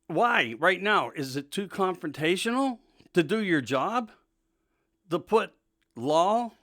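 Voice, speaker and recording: A man's voice: a little high, fairly bright tone. A male host giving an emphatic, indignant political monologue, repeating himself for emphasis. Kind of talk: political talk show monologue.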